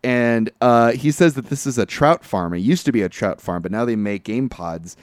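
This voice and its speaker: A man's voice: mid-range voice, moderate pace, dry recording. Man, podcast co-host, casual movie recap, rambling, swears a lot, dry close sound. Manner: rambling, profane, animated retelling.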